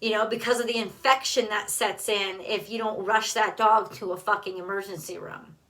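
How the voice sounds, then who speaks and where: A woman's voice: mid-range voice, steady tone, moderate pace, fairly bright tone. A woman giving a casual tarot card reading in a blunt, emphatic way, swearing freely. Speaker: tarot reader.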